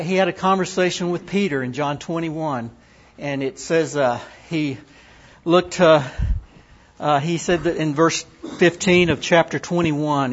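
Husky earnest man giving a talk. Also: fairly high pitch. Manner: earnest, reads scripture and poems aloud with pauses. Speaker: ministry worker. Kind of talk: sermon-style teaching talk. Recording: dull lo-fi recording.

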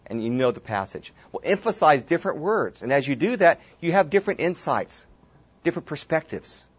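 A man's voice: fairly high pitch, sing-song, fairly quick, slightly rough. A man teaching a Bible study class, talking casually and restarting words as he goes. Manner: repeats words as he restarts, casual asides to the group. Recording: dull lo-fi room recording.

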